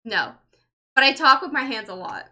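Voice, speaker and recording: Woman streamer in her thirties, bright piercing voice, rambly casual chat, heavy on "like" and swearing. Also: high voice, lively intonation, moderate pace. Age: 30s. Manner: rambling, lots of "like", swears freely. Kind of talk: casual livestream chat, reading chat.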